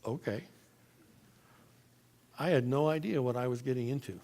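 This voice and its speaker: A man from Florida telling his personal testimony in church, in an animated, emphatic storytelling manner. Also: medium pitch, moderate pace, vocal fry.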